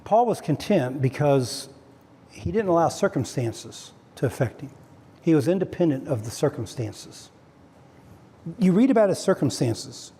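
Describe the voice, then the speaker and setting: A man's voice: on the high side, very animated, a little slow, mellow, breathy edge. A man preaching a conversational sermon to his church, with frequent stammered restarts. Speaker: pastor. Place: church sanctuary. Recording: long hall reverb, faint noise.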